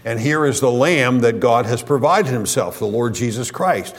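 A man's voice: medium pitch, animated. Folksy preacher man teaching the Bible. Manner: folksy, halting, many fillers and restarts.

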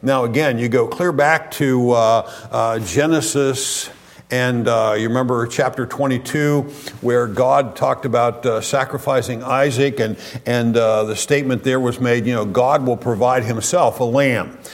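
A man preaching a conversational Bible lesson, folksy and halting, with frequent fillers and restarts. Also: mid-range voice, steady tone.

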